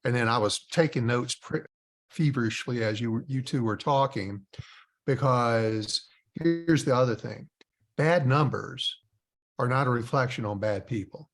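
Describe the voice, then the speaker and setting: A man's voice: medium pitch, a little slow. Blunt, emphatic middle-aged male host. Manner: emphatic, blunt storytelling with mild profanity. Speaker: podcast host. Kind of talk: business podcast conversation.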